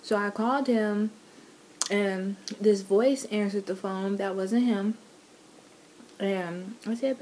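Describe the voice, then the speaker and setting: A woman's voice: mid-range voice, steady tone, slow, dark tone, a little hiss or hum. A woman vlogger casually telling her love story, teasing and laughing with her partner.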